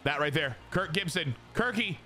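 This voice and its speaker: Man, gameplay commentary, excitable, swearing, lively pitch swings, faint background music. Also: normal speed. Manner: excitable, swears, trash-talks the opponent. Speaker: gaming channel host.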